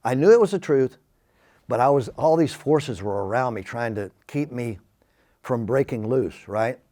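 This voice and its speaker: An older man from Texas, telling his conversion story. He speaks at a medium pitch and is lively, acting out the voices in his own story. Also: normal speed. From Texas, USA. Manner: animated, acts out quoted speech. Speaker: Christian testimony speaker. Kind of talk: personal testimony storytelling.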